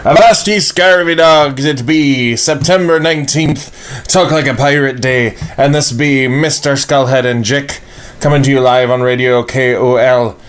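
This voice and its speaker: Man doing a hammy pirate announcer, mock-gruff and drawn out. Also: mid-range voice, fairly even intonation, unhurried, slight background noise, close to an everyday voice. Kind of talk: comedy podcast bit.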